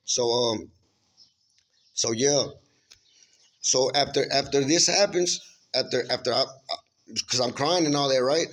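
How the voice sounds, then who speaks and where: A man speaks in a mid-range voice at a measured pace, pausing often, with a fairly bright tone and a faint hiss or hum behind him. He is earnestly recounting a spiritual vision as casual spoken testimony, rambling and restarting, repeatedly checking in with "you know what I'm saying." His storytelling is emphatic and informal.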